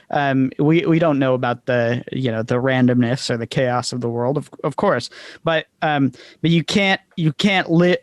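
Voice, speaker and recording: A man's voice: fairly high pitch, no echo, clean studio sound. A man co-hosting a podcast in casual chat about films, stammering and searching for words as he works out his view. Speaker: podcast co-host. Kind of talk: casual film discussion.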